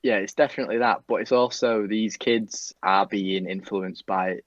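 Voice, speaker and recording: Young guy with a lowish voice, sweary and rambling, telling a story over a dull, muffled mic that sounds dry and close. He fills gaps with "like" and "um". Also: steady tone, normal speed, dry recording. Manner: rambling, sweary, many fillers. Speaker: police staff guest. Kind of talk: casual anecdote telling.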